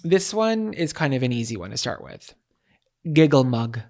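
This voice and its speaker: Playful chatty man with a gravelly voice. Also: mid-range voice, big pitch swings, moderate pace, darkish tone. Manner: playful, chatty, many fillers. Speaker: podcast co-host. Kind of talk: casual comedic chat.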